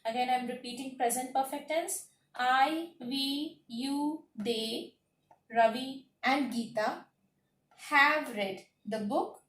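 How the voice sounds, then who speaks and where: A woman teaching a grammar lesson, slowly listing words one by one and repeating her points. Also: high voice, fairly bright tone, distant mic, a little hiss or hum. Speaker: English teacher. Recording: echoey room, voice off-mic.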